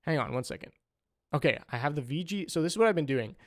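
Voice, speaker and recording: A man's voice: on the high side, animated, fast. Rambling young man streaming. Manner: rambling, full of "like" and "um". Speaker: saxophonist streamer. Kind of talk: casual livestream chat.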